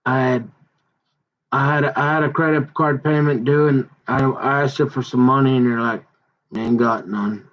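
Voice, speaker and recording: A man telling a long personal grievance in a rambling, halting way, often restarting his sentences and growing heated as he goes. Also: mid-range voice, level tone, lo-fi sound. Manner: aggrieved, heated. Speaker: son recounting a family conflict.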